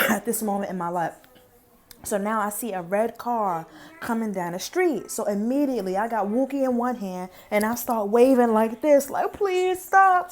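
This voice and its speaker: A woman's voice: medium pitch, a little mellow. A young woman telling an emphatic, profane story on her vlog. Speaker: vlogger.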